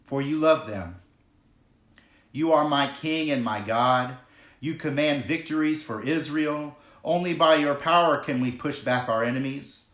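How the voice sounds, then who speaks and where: Pastor, male, fairly high voice, unhurried earnest delivery, echoey church hall. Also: a bit bright. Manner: earnest, emphatic, drawn-out preaching cadence. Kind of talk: sermon. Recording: echoey room.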